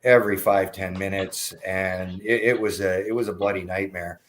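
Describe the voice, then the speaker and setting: A man's voice: steady tone, normal speed. A middle-aged man, a radio show guest, telling a personal story in a blunt, candid way, swearing freely. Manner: candid and blunt, swears, acts out dialogue with rising pitch. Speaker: guest, cannabis patient advocate.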